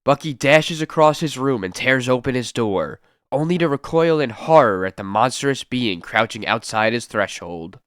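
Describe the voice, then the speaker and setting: A man reading an old comic book aloud in a measured storytelling way. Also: mid-range voice, expressive, a bit bright, clean tone, no echo, studio quality.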